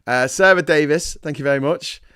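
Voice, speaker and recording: A man's voice: fairly high pitch, fairly quick, sharp tone, clean tone. A man hosting a casual livestream, rambling and self-deprecating, full of fillers and restarts. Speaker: host.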